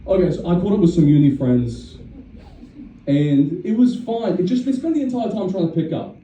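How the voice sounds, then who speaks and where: A man's voice: high voice, lively intonation, moderate pace, dark tone, highs cut off, slight background noise. A young man doing a brash, profane live stand-up set, often laughing at his own jokes. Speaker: stand-up comedian. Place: comedy venue with a live audience. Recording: distant, echoey audience recording with crowd laughter.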